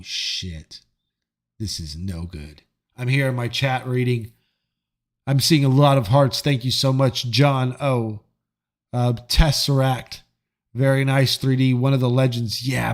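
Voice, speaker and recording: A man hosting a live stream, chatting casually with viewers in a joking, profane and animated way. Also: medium pitch. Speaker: livestream host reading chat.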